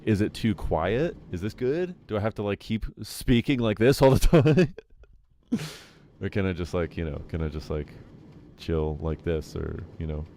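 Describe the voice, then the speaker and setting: A young man with a deep voice rambles casually as he plays a game, chatting with a friend on a call. His desk microphone picks up faint hiss from his home room. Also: dark tone. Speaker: gaming streamer. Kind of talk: casual let's-play chat.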